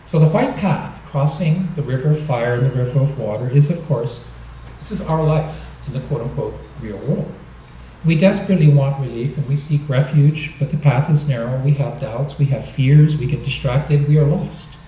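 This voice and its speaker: A man giving a dharma talk, explaining gently and joking now and then, recorded in a temple hall. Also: medium pitch, normal speed, slight background noise. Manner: gentle, explanatory, with light humor. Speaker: minister. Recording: echoey hall, mic at a distance.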